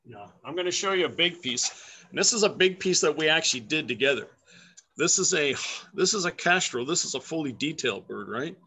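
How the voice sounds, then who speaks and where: Guest: upbeat man, fairly high, bright voice, chatty and playful, laughs a lot, talks over a video call. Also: animated, fairly quick, breathy edge. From Canada. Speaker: guest woodcarver. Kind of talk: casual demonstration over a live video chat.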